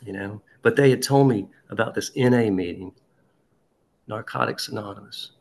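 A man telling a personal recovery story in a halting, conversational way, with frequent restarts and asides. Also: on the low side, vocal fry, darkish tone. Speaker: speaker sharing a recovery story. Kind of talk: personal testimony.

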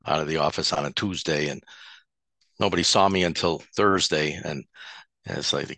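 Low creaky guy telling his recovery story, lots of restarts, dry sound. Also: bright, forceful tone, no room sound. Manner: halting, with frequent restarts and repeated words. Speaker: recovery speaker at a support meeting. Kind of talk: personal testimony.

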